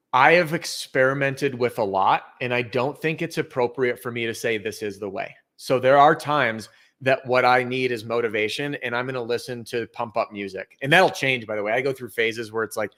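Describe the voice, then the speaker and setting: A middle-aged man talking as a podcast guest, telling stories in an earnest, energetic way. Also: mid-range voice. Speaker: podcast guest, roofing sales trainer. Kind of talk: casual interview chat.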